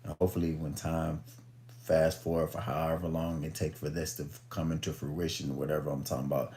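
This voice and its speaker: A man's voice: very deep voice, level tone, fairly quick, warm tone. A young man chatting casually on a phone live stream in laid-back, profane slang, then reading a book aloud. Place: at home, in bed.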